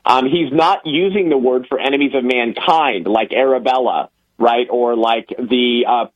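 A man's voice: medium pitch, normal speed, lo-fi sound. A man, co-host of a talk show, explaining terms carefully with many fillers and quotations. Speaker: ministry leader and co-host.

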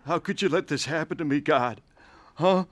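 A man's voice: fairly high pitch, normal speed, dry recording, natural voice. A man playing a desperate alcoholic, sullen at first and later slurring and pleading, in a radio drama. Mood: drunk pleading.

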